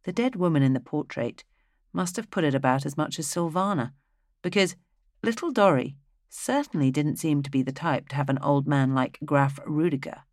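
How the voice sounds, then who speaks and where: Steady audiobook narrator, dry sound. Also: mid-range voice, normal speed, no echo.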